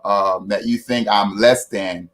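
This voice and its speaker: A man's voice: fairly low pitch, steady tone, slow pace, a bit bright. Ghanaian man telling stories on a call. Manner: tag questions, laughs while telling. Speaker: panel guest. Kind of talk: storytelling in an online panel talk. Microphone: video call.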